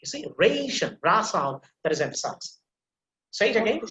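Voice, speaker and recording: A man's voice: high voice, very animated, moderate pace, sharp tone, a little hiss or hum. A man teaching a pronunciation class, breaking words into sounds syllable by syllable and repeating them for learners to copy. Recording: echoey room.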